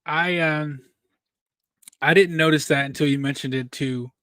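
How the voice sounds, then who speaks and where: A man's voice: fairly high pitch, fairly even intonation, a little slow, a bit bright, no echo, clean studio sound. A man co-hosting a fan-film review show, talking candidly in a casual chat full of fillers. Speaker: co-host reviewing fan films.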